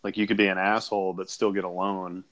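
A man's voice: sits low, little pitch movement, quick pace, a bit bright. A young man co-hosting a casual podcast, rambling with lots of filler words, swearing and laughing often. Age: young adult. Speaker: podcast co-host. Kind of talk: casual chat.

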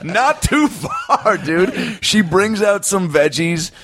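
Rambling, lively male podcast host. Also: high voice, takes it slowly, background noise. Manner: rambling, laughs often. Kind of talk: casual podcast chat.

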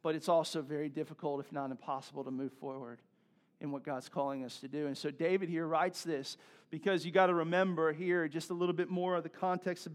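A male pastor preaching a sermon in a conversational way, repeating himself and building to emphatic peaks. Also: a little high.

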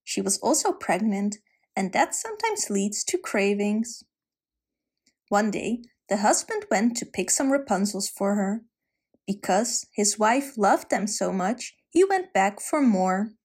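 A woman telling a fairy tale gently, with asides to the listener. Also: medium pitch, sing-song, unhurried, husky. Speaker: storyteller.

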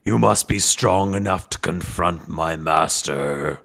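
A slow, deeply gravelly ghost, as a game master puts him on, hangs over every word with grim, threatening gravity. He is a possessed male guardian of a cursed shrine in a tabletop game, with a husky, crackling low voice. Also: fairly bright tone, exaggerated voice. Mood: menacing. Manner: solemn, threatening pronouncements. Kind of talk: game master voicing a creature.

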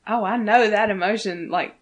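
A woman's voice: mid-range voice, normal speed. A woman in her thirties, a podcast co-host chatting casually, laughing often and swearing freely as she gushes. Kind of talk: casual chat.

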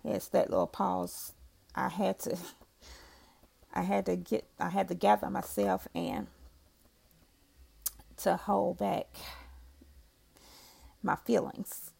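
A woman reading her own poems aloud, slow and soft-spoken, with long heartfelt pauses between lines. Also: mid-range voice, level tone, creaky, slightly rough.

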